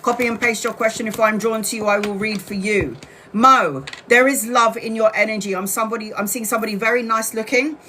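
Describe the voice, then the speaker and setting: A woman's voice: on the high side, fairly quick, bright, forceful tone, a little hiss or hum. A woman doing a casual live-stream tarot reading, blunt and chatty, with the odd swear word. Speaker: tarot reader.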